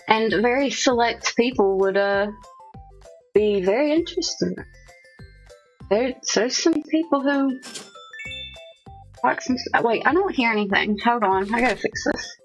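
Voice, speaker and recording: A woman's voice: medium pitch, takes it slowly, pauses often, soft background music. A woman streamer chatting casually with her viewers, self-mocking and a bit nervous, laughing often. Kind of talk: casual chat with live chat. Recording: dull lo-fi stream audio.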